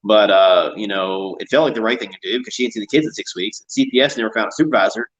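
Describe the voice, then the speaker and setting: A man's voice: on the low side, fast talker, muffled recording. A man talking in a casual chat, rambling and repeating himself.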